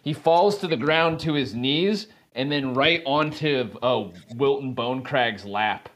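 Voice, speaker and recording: A man's voice: medium pitch, a little slow, fairly bright tone. A man narrating as game master of a tabletop game, loose and chatty with many fillers and easy laughs. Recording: casual podcast recording.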